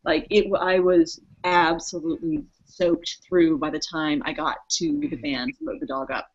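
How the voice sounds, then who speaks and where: A woman co-hosting a casual podcast, telling a story in an animated way, swearing and laughing as she goes. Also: low-pitched, unhurried. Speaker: podcast co-host. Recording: muffled lo-fi audio.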